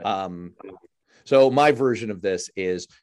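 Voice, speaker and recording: A man's voice: on the low side, takes it slowly, a little mellow. A man hosting a casual interview, chatty and jokey, restarting phrases as he talks. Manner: chatty, jokey, repeats words when starting. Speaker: podcast host.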